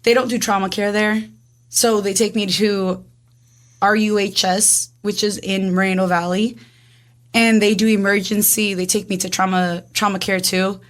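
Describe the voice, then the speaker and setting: A woman in her twenties telling her own story in casual chat, rapid and animated, acting out what everyone said with lots of "like". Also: mid-range voice. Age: 20s. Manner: rapid, animated, acts out dialogue with frequent "like". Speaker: guest.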